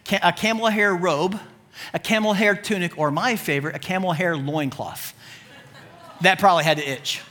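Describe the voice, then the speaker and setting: High-voiced, animated male preacher. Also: moderate pace. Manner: animated and humorous, swinging between loud emphasis and low asides. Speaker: pastor. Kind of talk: sermon.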